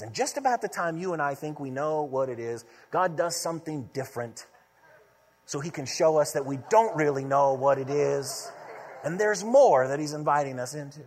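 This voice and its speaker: A man's voice: on the high side, a little fast. A male pastor preaching a sermon in a conversational, storytelling way. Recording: long reverb of a large hall.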